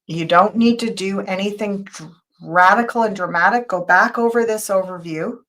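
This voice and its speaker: A woman hosting a live tarot reading show, talking to viewers in an emotional, intense, spiritual way. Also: mid-range voice. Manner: spiritual, guiding talk with quick changes of loudness. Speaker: tarot reader and show host.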